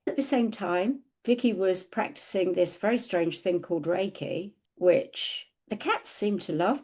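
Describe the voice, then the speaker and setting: A middle-aged woman co-hosting a podcast, telling a personal story in a casual, animated way and acting out the quoted dialogue. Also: medium pitch, unhurried, few pauses.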